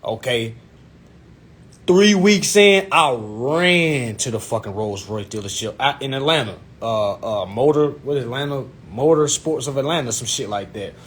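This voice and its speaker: A young man telling a profane, animated story in a casual vlog, full of "you know what I'm saying". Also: mid-range voice, a little slow, husky. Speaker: vlogger giving consumer-credit advice.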